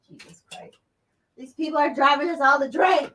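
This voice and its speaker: A livestreaming woman sits by a bright window indoors, chatting through viewer comments in an excitable, swear-heavy rant punctuated by nervous laughs. Her voice sits high and she speaks briskly over a little background noise.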